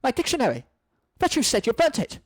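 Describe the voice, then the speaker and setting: A man's voice: extremely high pitch, huge pitch swings, brisk, dry recording, pitched above the performer's own voice, heavily acted. A man reading a screenplay aloud, voicing a pompous, proud old male lexicographer who speaks grandly and indignantly. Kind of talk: screenplay read-through.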